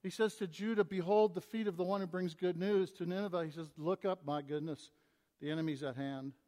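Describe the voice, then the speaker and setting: A man preaching a sermon, swinging between loud emphatic reading and quiet, low asides to his congregation. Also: fairly even intonation, a little fast. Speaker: pastor. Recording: long hall reverb.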